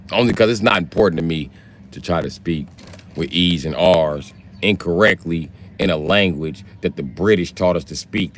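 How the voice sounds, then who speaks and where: A man livestreaming a loud, profane comedic rant, jumping between low mutters and high outbursts. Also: slight background noise. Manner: loud, profane, swings pitch wildly.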